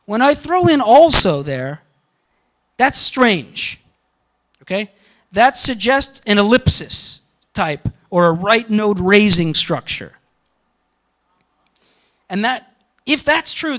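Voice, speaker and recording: A man lecturing a class in an animated way, often quoting example sentences and breaking off mid-thought. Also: high-pitched, measured pace. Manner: animated, quotes example sentences, interrupts himself.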